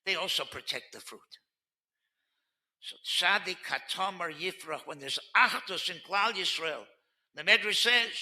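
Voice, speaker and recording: A man's voice: high voice, bright, forceful tone. A man giving a Torah talk as a rabbi, earnest and teacherly, who drops in Hebrew terms and pushes hard on key words. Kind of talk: Torah lecture on current events.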